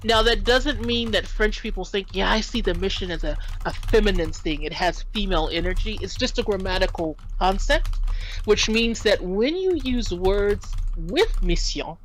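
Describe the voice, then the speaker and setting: A woman's voice: mid-range voice, expressive, moderate pace, slight background noise, low-quality recording. A woman tutoring French in a casual lesson, patiently explaining and spelling out words.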